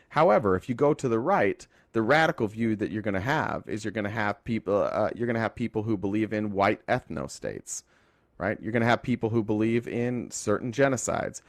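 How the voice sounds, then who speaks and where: ユタ州出身の男性が、ライブ配信の視聴者コメントに応えながら、脱線や言い直しを交えて政治の話を気ままに語っている。. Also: male voice, fairly low pitch, no room sound, studio quality. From Utah. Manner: rambling, talks to chat, self-correcting. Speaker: livestream host. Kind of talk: casual political livestream chat.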